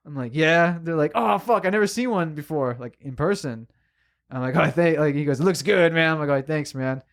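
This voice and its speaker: A man co-hosting a podcast, telling a story in casual chat, emotional and animated, swearing a lot. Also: fairly high pitch, fairly quick. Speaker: podcast co-host.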